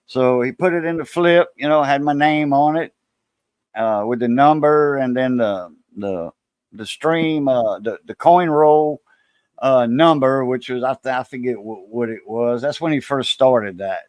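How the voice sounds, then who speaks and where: With a Cajun Louisiana accent and medium pitch, this man hosts a casual coin-collecting live stream, talking at normal speed. He's an animated storyteller who performs the voices of the people he quotes, in a dry recording.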